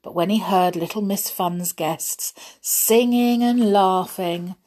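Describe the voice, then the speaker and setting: A woman reading a children's book aloud in an expressive, gently playful way. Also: mid-range voice, slow. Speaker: storyteller.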